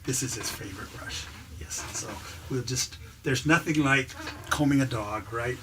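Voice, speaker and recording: A man showing off his dog's pretend tricks in playful deadpan patter, laughing between lines. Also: medium pitch, moderate pace, background noise. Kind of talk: playful show-and-tell to camera.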